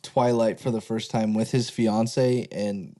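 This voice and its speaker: A man's voice: fairly low pitch, fairly even intonation, slow pace, mellow. A man co-hosting a comedy podcast, telling loose stories in casual chat, swearing and acting out quotes. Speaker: podcast co-host.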